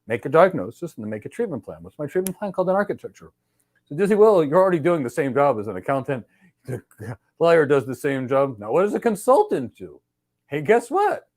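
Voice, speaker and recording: Animated male career coach, lively pitch. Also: brisk. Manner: animated, explains with role-play examples. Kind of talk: live Q&A session.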